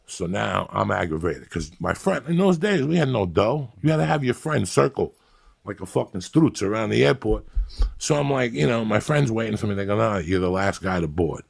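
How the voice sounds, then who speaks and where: A middle-aged man with a New York accent, telling a loud, profane story as a comedian. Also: on the low side, sing-song, moderate pace, creaky, breathy edge. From New York City.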